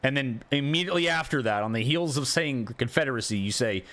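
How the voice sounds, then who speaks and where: Male streamer, casual rant, animated intonation, asks rhetorical questions. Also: mid-range voice, fast talker. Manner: frustrated ranting, rhetorical questions, swearing. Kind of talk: casual live-stream commentary.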